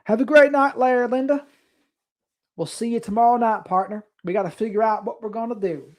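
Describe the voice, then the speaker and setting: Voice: mid-range voice, fairly even intonation, brisk, darkish tone. Rambling late-night livestream host. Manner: rambling, reads out viewer comments and drifts into asides. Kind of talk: casual late-night live stream chat.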